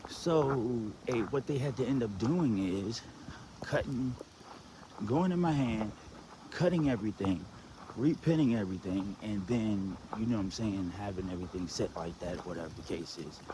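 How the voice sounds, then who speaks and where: A man's voice: normal speed, slight background noise. A man telling a personal story in a rambling, casual way, checking in with "right?" and "you know what I'm saying" as he goes. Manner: animated, swings from low mutters to excited outbursts.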